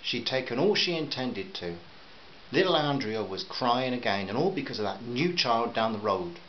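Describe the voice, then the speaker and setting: A man reading a short story aloud in a measured, even storytelling manner. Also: mid-range voice, highs cut off, slight background noise. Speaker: narrator. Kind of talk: scripted narration.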